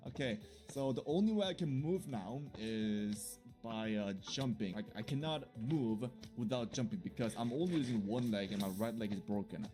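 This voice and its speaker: A man giving jokey gameplay commentary for his video, excitable and laughing often. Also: mid-range voice. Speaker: gaming video creator.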